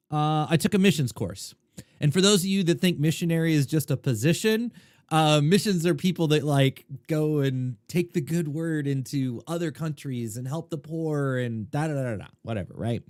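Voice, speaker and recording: A middle-aged man talks casually to his listeners as a podcast host. His pitch jumps around a lot, and he gets loud and then drops low. The close mic sounds dry, with no room echo. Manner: animated, conversational, swings loud and quiet. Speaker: podcast host, poker coach. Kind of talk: casual storytelling monologue.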